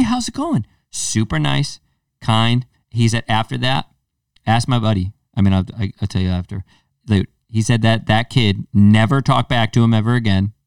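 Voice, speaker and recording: A low-pitched man hosts a casual podcast chat and tells his stories with animated energy, putting on other people's voices as he goes. His voice sounds dry and a little distant from the mic. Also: smooth, no room sound. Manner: animated storyteller, acts out quoted voices. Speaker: podcast host.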